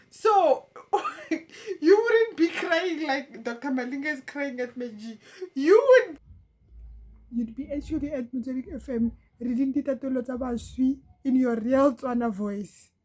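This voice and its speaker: A young woman delivering a stand-up roast, teasing with stammered restarts and laughing at her own jokes. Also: sits high. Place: comedy roast stage.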